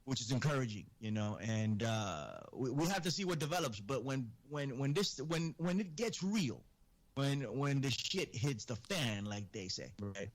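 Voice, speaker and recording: A man's voice: medium pitch, animated, moderate pace. A man talking as a guest on a casual talk show, earnest and indignant, often repeating himself. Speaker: podcast guest. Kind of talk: casual chat.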